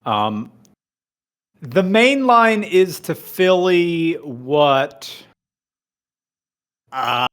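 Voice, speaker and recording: A man's voice: fairly high pitch, big pitch swings, drawn-out words, long pauses, a bit bright, smooth. A man speaking over a remote call as a podcast guest, telling stories and joking in casual chat. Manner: storytelling, joking.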